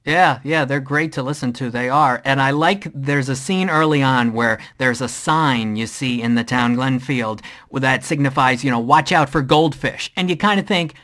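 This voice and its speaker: An interviewer asking upbeat, casual questions about a film and chiming in with quick agreement. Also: mid-range voice, a bit bright.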